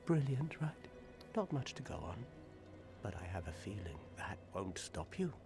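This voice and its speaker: An actor playing a gloomy, sardonic undead warrior in a video game, with a depressing monotone delivery that is cynical and world-weary. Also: male voice, deep voice, normal speed, gravelly, music in the background, full character voice. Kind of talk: video game character dialogue. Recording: game audio with steady background noise.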